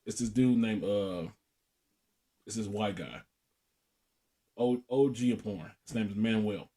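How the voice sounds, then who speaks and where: A man's voice: fairly low pitch, a little slow, warm tone. A young man co-hosting a podcast, telling a profane story in casual chat and laughing often. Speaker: podcast co-host.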